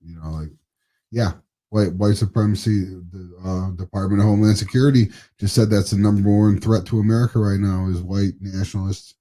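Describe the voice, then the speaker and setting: A man co-hosting a casual political podcast, his voice sitting low with a dark, mellow tone. He talks loosely and swears a lot. He laughs often and lets his sentences trail off into mumbles. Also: steady tone, brisk. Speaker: podcast co-host.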